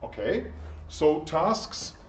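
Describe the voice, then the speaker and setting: A man's voice: on the high side, big pitch swings, extremely slow, a little hiss or hum. A man giving a chatty university lecture and putting questions to the class. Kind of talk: interactive lecture. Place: lecture room. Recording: echoey, distant, dull lecture-room recording.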